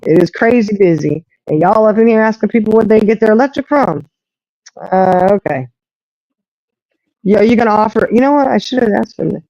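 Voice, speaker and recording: A woman's voice: medium pitch, normal speed, dry recording. A woman hosting a live stream, telling a story in casual chat and acting out what other people said. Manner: animated storyteller who acts out others' lines. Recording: muffled lo-fi dry audio.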